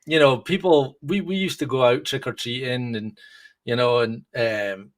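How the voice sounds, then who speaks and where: Man, thirties, casual rambling podcast co-host, mid-pitched voice. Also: moderate pace. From United Kingdom. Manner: rambling, many restarts and fillers. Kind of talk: casual chat.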